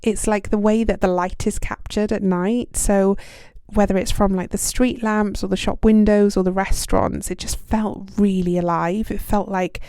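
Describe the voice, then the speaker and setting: A young British woman chats through a relaxed solo podcast, self-deprecating and full of little fillers. Her voice is mellow and warm at a middle pitch. The recording is dry and close to the mic. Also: normal speed, few pauses, smooth, no room sound. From United Kingdom. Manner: chatty, self-deprecating, lots of ums and likes. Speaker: podcast host. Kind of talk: casual reflective monologue.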